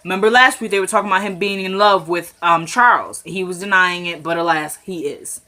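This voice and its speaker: Bright-voiced woman recapping a TV episode. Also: lowish voice. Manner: chatty, retells scenes in quick paraphrased dialogue; addresses viewers as "y'all", rising into animated commentary. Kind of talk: casual recap vlog.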